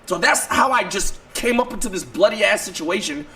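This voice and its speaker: A man telling a wild personal story to his stream in casual, profane slang, swinging from low mutters to loud outbursts. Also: animated, a little fast, vocal fry, a little hiss or hum.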